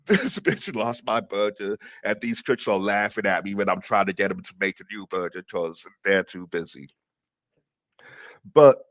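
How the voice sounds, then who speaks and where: A man's voice: medium pitch, a bit bright, no room sound. A young man calling in to tell a rambling work story, laughing often as he talks. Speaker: caller. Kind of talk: casual storytelling.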